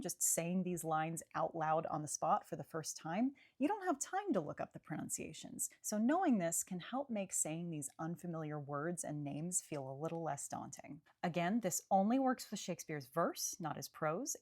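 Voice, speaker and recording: A woman's voice: fairly low pitch, a little mellow. A woman acting coach explaining verse pronunciation in an upbeat, chatty teaching manner. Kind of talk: short explainer video.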